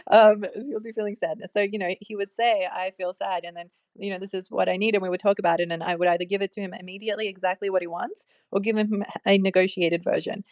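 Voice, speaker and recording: A woman's voice: medium pitch, steady tone, quick pace, few pauses, darkish tone, no echo. Young woman hosting a chatty advice talk, laughs a lot, dry sound. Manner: chatty, many fillers, laughs often. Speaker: host.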